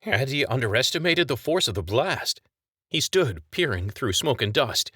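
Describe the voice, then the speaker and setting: A man with a mid-range voice reads his own story aloud as scripted audiobook narration, delivering it in a measured, even storytelling style. The recording is studio quality with no room sound.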